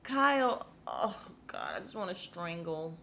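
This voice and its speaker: A woman's voice: medium pitch, moderate pace, a bit bright, a little hiss or hum. A woman hosting a podcast, recapping a reality show in casual chat, sassy and blunt, swearing freely and acting out quotes.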